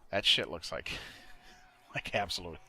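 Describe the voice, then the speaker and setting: A man's voice: deep voice, animated, a little slow, vocal fry, bright, forceful tone. A man recording casual voice-over commentary for a gameplay video, rambling and swearing, with many fillers and self-corrections. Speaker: gaming video creator. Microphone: desktop mic, voice-over recording.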